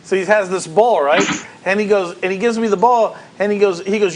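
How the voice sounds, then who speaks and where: A man's voice: high-pitched, quick pace. A man co-hosting a casual talk show, telling rambling anecdotes full of quoted dialogue. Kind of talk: casual chat.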